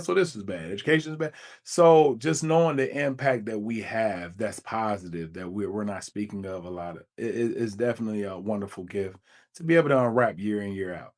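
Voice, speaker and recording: A man, a teacher co-hosting a podcast, reflecting in casual chat over a video call and acting out quotes with a higher voice. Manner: reflective, acts out quotes with a jump in pitch.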